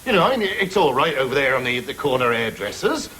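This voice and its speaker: A man's voice: medium pitch, very animated, fast, a bit bright, a little hiss or hum. A man with an English accent playing a pushy young husband, a trainee salesman who rambles eagerly and keeps saying "I mean", in a studio sitcom. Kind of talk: 1980s studio sitcom acting.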